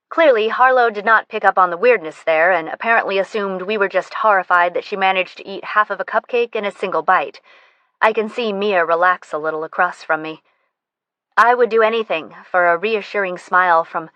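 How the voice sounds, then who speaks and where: A woman narrates a first-person audiobook in a wry, conversational manner. Her voice sits at a middling pitch, recorded dry and close. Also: normal speed, a bit bright, no echo.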